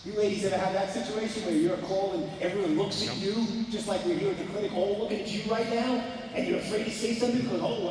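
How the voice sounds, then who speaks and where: An older man, a basketball coach, lecturing at a clinic in an animated, emphatic way that breaks into shouts. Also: very high-pitched, a little hiss or hum. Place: large gym hall at a clinic. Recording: echoey hall, distant mic, faint ambience.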